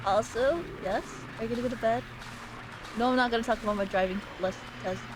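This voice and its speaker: Woman streamer, fairly high voice, playful and rambling, teasing her chat, now and then a squeaky yell; clear hiss behind her. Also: fast talker. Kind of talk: casual gaming livestream chat.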